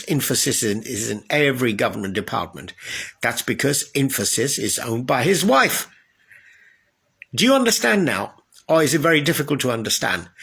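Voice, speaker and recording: A man's voice: medium pitch, gravelly, fairly bright tone, husky. A man delivering a heated political rant, sarcastic and full of rhetorical questions.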